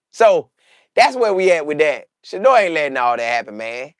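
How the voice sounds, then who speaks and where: A man talks football in a casual, joking, slangy way, and his pitch jumps all over the place. He sounds close to the mic in a dry, deadened space. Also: very animated, normal speed, clean tone, no echo. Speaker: sports commentator. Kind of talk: casual sports commentary.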